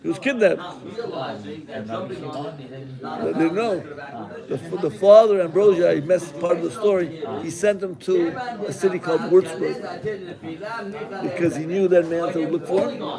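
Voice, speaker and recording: A man's voice: high voice, unhurried, gravelly, long pauses, crowd noise. A man, a rabbi, telling a dramatic story to his class, acting out the characters. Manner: animated, acts out the characters.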